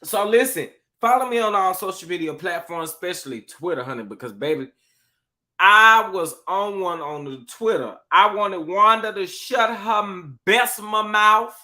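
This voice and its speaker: A young man with a drawl, a little tipsy from a cocktail, hosting a casual live stream. He sounds bright and forceful, sitting a touch high for a man, and he talks sassily, repeating his phrases over and over. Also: expressive, measured pace. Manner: sassy, drawling, repeats phrases, shouts out chat members. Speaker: livestream host.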